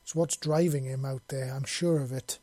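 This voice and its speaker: A man's voice: mid-range voice, fairly even intonation, moderate pace, mellow, dry recording, close to an everyday voice. A man reading the part of a haunted, remorseful male alien judge who speaks in a broken, pleading voice.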